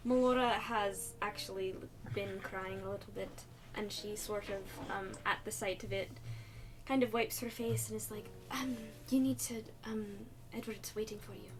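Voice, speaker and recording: A woman playing a tabletop game, describing her character gently and hesitantly. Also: mid-range voice, fairly even intonation, normal speed, rough recording. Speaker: player.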